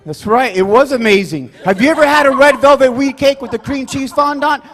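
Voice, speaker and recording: A man performing a rambling, loud stand-up set, forever adding "you guys" and "right?". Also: extremely high pitch, fairly quick, in a large hall, a faint crowd. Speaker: stand-up comedian. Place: comedy club stage.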